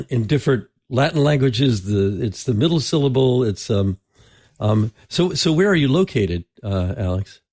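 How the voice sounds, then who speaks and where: A man hosting a podcast interview, talking casually with many restarts and throat clearing. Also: medium pitch, lively intonation, a little slow, darkish tone, dry recording, studio quality. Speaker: podcast host.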